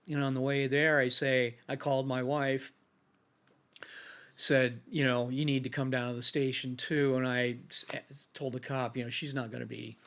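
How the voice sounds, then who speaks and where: Middle-aged guy, average pitch, telling what happened to his family, stop-start and pained. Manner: halting, restarts often, quietly pained retelling. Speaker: bereaved father and guest. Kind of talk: personal account in a podcast.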